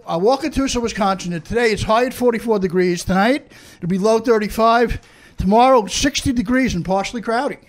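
A male guest giving a stumbling mock weather report on a comedy podcast. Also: high-pitched. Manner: halting, stumbling over words.

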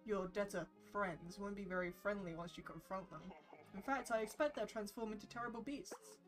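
A woman's voice: medium pitch, normal speed, lightly acted. A woman reading as a wise old kettle. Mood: advising. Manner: calm, advising storybook read-aloud. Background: game music.

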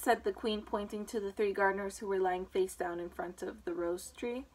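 A woman reading a children's storybook aloud in an informal way, pausing to mention the pictures. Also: mid-range voice, fairly even intonation, poor audio. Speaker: reader.

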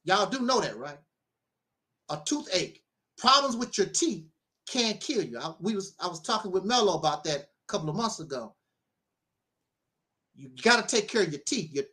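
A middle-aged man, a minister, giving a casual spoken monologue, telling stories with frequent laughter and preachy asides. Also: high-pitched. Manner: animated storyteller, laughs often, preachy asides.

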